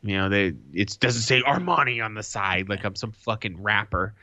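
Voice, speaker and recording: Low-voiced, hard-edged man telling stories. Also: moderate pace, no room sound. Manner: animated, profane storytelling. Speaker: podcast co-host. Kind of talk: casual chat. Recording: dull lo-fi sound.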